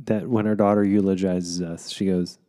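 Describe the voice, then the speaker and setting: A man with a very low, mellow, dark voice talks in a relaxed co-host chat. His humor is dry and dark, and he delivers it flatly. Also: moderate pace. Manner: dry, darkly joking. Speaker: podcast co-host. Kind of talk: casual chat.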